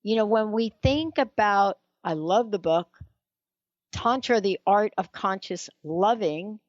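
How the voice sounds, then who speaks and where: A woman's voice: mid-range voice, a little slow, no room sound, muffled recording. New york lady hosting talk radio, bubbly chatty, dry mic. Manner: enthusiastic, chatty, laughs easily. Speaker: radio show host.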